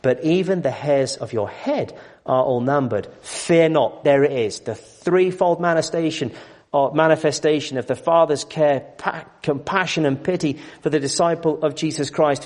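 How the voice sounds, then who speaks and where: A man's voice: fairly high pitch, normal speed, darkish tone. Emphatic man preaching a sermon. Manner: emphatic, rhetorical questions, swells in volume. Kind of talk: expository sermon.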